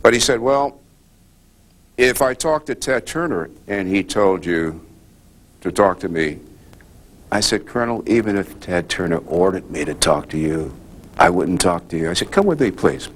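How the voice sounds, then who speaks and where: An older man, a journalist, answering questions at a press club and telling a story in a measured, deliberate way. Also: sits low. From United States. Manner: measured, deliberate, with pauses and restarts. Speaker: guest speaker, journalist.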